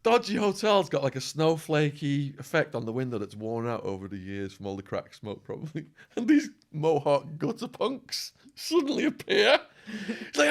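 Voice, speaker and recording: A man guest on a podcast, telling a wild story with lively acted-out quotes, swearing and laughing along the way. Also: very high voice, moderate pace. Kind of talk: animated storytelling.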